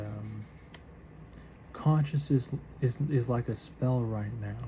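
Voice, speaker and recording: Sleepy woman rambling in a dark voice. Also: very deep voice, slow, pauses often, slight background noise. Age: 20s. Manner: rambling, musing half-thoughts with restarts. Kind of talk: casual late-night monologue.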